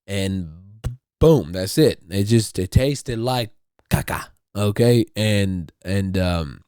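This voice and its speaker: A man's voice: on the low side, lively intonation, slow pace, a little mellow, clear, resonant tone, dry recording, clean studio sound. A man hosting a podcast, talking alone in a casual, rambling way with lots of swearing and repeated words. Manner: rambling, profane, repeats himself. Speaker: podcast host. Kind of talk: casual solo monologue.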